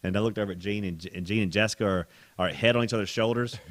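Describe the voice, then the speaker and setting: Guy hosting a podcast, telling a story, animated and laughing, trips over words a bit. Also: lowish voice, quick pace, no echo. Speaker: podcast host. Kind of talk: casual storytelling.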